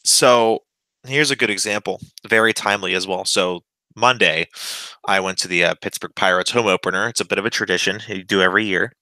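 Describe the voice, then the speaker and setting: A man's voice: sits low, pushed and bright, no room sound, low-quality recording. A man hosting a casual wrestling podcast, joking with his co-host and plugging the show. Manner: jokey, quick plugs and banter.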